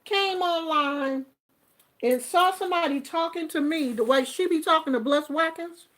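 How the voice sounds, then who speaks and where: A middle-aged woman, giving a casual, animated commentary vlog and laughing often. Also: sits high, moderate pace. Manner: animated, chatty, laughs often, sings snippets. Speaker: vlogger commenting on online drama.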